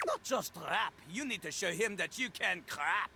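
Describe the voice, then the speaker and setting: A man's voice: sits high, animated, moderate pace, vocal fry, bright, forceful tone, slight background noise, exaggerated voice. An actor playing a boastful male toilet in a video game, talking about himself in the third person with a French accent. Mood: swaggering. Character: cocky male toilet who raps, pompous French-accented.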